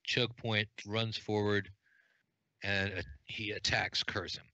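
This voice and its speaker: A man running an unscripted tabletop game as game master, narrating in a plain, halting way with lots of fillers. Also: fairly low pitch, flat delivery, bright, forceful tone, no room sound, highs cut off.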